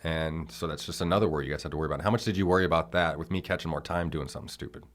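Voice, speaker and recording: Fast-talking deep-voiced man hosting. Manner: blunt, profane, rapid storytelling. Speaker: podcast host. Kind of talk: conversational podcast interview.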